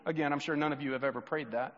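A man preaching a sermon as pastor in a church, swinging from loud, emphatic questions to soft, hushed reflection and acting out the voices of the people he quotes. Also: on the high side, steady tone, very fast. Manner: acts out quoted voices of Jesus, children and himself. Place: church sanctuary. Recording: muffled sound with long hall reverb.

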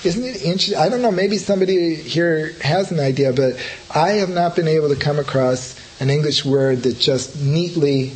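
A man's voice: on the high side, moderate pace, a little hiss or hum, low-quality recording. Chatty middle-aged man giving a dharma talk. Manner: rambling, conversational, full of "you know, like" fillers. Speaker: Buddhist teacher.

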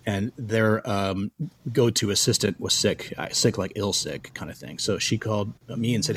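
A man's voice: on the low side, normal speed, slight background noise. A middle-aged man from Canada, a film composer, telling stories from his career in a casual interview and acting out the lines of the people in them. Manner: animated, acts out quoted dialogue.

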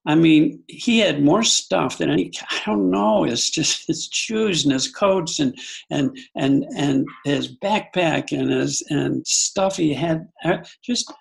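Gravelly-voiced man telling a personal story. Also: fairly high pitch, slow. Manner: earnest, reflective, with frequent restarts. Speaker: guest. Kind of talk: conversational storytelling.

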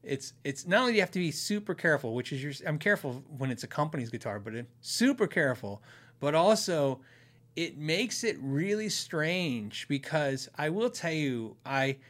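A man's voice: on the high side, big pitch swings, normal speed, a bit bright. A middle-aged man from Arizona hosting a guitar channel, chatting casually and rambling through viewer questions, often laughing and restarting his sentences. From Arizona, USA. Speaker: host of a guitar channel and podcast. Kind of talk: casual chat answering viewers.

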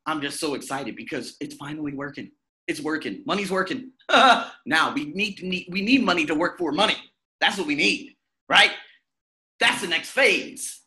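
A man's voice: sits high, animated, a little fast, sharp tone. A man hosting a self-help podcast, talking bluntly and with lots of swearing. He asks himself questions and answers them in a candid motivational monologue.

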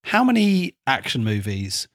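A man's voice: mid-range voice, unhurried. A man hosting a podcast, chatting casually and jokingly about a film. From not Dutch, living in Amsterdam. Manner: wry, joking, with lively ups and downs. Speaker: podcast host. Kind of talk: casual film review chat.

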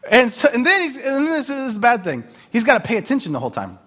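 Lively, joking man preaching a sermon. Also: very high-pitched, fast talker. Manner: animated, joking storyteller with laughs and filler words. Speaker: pastor. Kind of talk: conversational sermon.

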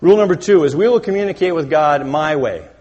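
A man preaching a satirical sermon as a pastor, mock-pompous and deadpan self-important, speaking to a congregation in a church sanctuary. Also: fairly high pitch, quick pace, muffled recording. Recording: long hall reverb.

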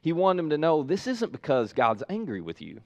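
A man's voice: on the high side, huge pitch swings, normal speed, muffled recording. A man preaching a sermon as pastor, retelling a story with acted-out voices in a church.

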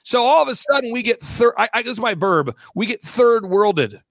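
A man in his forties, a guest in an interview, talking quickly and emphatically, with quips and acted-out examples. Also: very high-pitched, expressive, a bit bright, no room sound. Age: 40s. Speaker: guest commentator. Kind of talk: animated interview talk.

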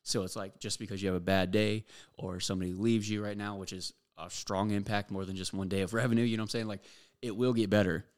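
A man's voice: on the low side, level tone, quick pace, clean tone. A young man hosting a podcast, giving a blunt, profane motivational monologue full of fillers. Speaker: podcast host.

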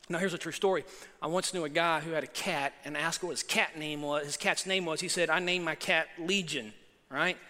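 Male pastor, sermon delivery, high and forceful, emphatic with rhetorical asides, long hall reverb.

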